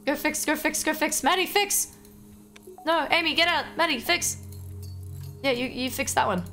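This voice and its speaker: A young Australian woman streaming a game live, excitable and quick to swear and laugh as she chats with her viewers. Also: high voice, soft background music. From Melbourne, Australia. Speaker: livestreamer. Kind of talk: casual live game commentary.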